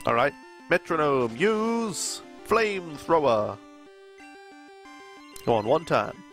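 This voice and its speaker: A man's voice: on the high side, big pitch swings, takes it slowly, a bit bright. A man doing playful live commentary while streaming a video game and joking with his chat. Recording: faint game music behind.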